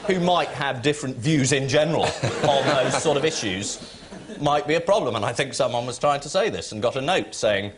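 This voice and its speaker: A man, a panel-show captain, giving satirical commentary in a wry, measured way. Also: mid-range voice, lively intonation, crowd noise, noisy background. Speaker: team captain.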